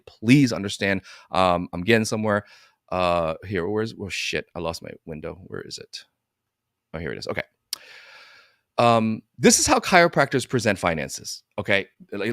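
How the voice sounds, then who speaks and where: A man's voice: lowish voice, dry recording, studio quality. A man coaching chiropractors in a casual live-streamed talk, rambling and swearing freely as he keeps checking in with his audience. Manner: animated and rambling, with casual swearing and frequent check-ins with listeners.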